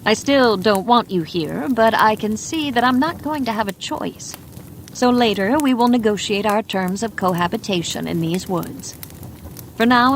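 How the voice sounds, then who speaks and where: A woman voicing a wary, sharp-tongued woman who lives in the forest, blunt and teasingly wry, in a bedtime mystery audiobook. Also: on the high side, a little hiss or hum.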